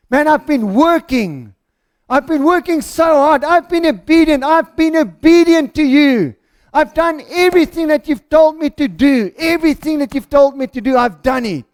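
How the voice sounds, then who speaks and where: A man acting out a resentful, hardworking older brother who complains loudly about being overlooked. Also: high voice, no room sound, clean studio sound, pitched below the performer's own voice, exaggerated voice. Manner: loud, indignant complaining.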